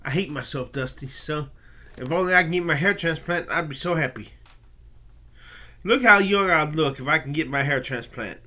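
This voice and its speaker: Loud, bright-voiced ranting man. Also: fairly high pitch, moderate pace. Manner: profane, confrontational, swings from muttering to yelling. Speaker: video blogger. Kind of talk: angry rant to camera.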